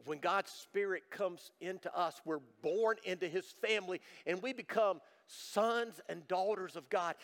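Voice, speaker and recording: A middle-aged man preaching a sermon to his congregation, swinging from loud emphatic lines to hushed, almost whispered ones. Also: high voice, normal speed, few pauses, long reverb tail. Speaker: pastor. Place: church service.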